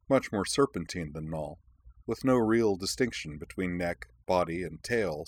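A man narrating an audiobook in a measured, even reading. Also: low voice, no echo.

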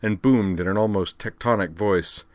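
A man narrating a story, reading with expressive, lively emphasis. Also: fairly low pitch, moderate pace, no echo, clean studio sound.

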